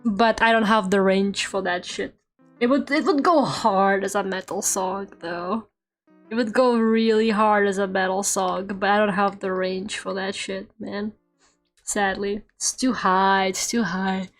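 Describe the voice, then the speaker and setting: A woman's voice: medium pitch, steady tone, measured pace, soft background music. A woman streamer chatting casually while she draws, laughing often and swearing offhandedly. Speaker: VTuber streamer.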